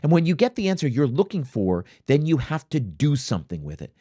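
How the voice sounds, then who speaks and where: Host, male, coaching to camera; emphatic, lively delivery, dry recording. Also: a little high, brisk, no room sound. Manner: emphatic, rhetorical "right?" tags. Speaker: restaurant consultant, show host.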